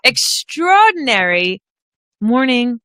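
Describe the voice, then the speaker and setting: A young woman co-hosting a casual TV podcast, animated and jokey, hitting words for emphasis. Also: fairly high pitch, slow, smooth, no echo. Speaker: podcast co-host. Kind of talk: casual chat on a live-streamed podcast.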